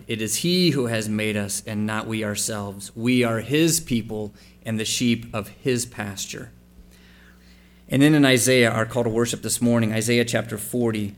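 Low-pitched with noticeable vocal fry, a male pastor reads scripture passages during his sermon and explains them in a conversational, questioning manner, asking the congregation things and spelling out letters for emphasis.

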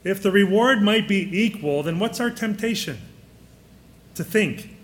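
A man's voice: sits high, animated, a little slow. A man preaching a sermon in a conversational way, often putting questions to his listeners.

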